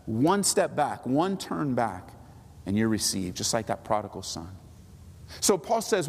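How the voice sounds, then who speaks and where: A middle-aged man, a pastor preaching a sermon with passion, swinging between soaring high phrases and quiet low asides. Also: big pitch swings, normal speed, gravelly, husky. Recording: long hall reverb.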